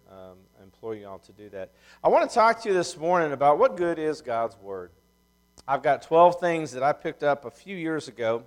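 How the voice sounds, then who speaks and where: Guy in his fifties preaching at church, talks fast and folksy, tells stories. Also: medium pitch, rough recording. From Ohio, USA. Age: 50s. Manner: fast-talking, animated storyteller, folksy. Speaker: visiting missionary speaker. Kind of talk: church sermon with storytelling.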